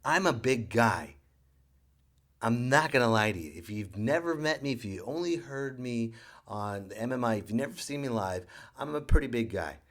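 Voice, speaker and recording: A man's voice: medium pitch, animated, normal speed, a bit bright. Exasperated guy ranting a funny story on his podcast, voice all over the place. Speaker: podcast host. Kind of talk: comedic storytelling.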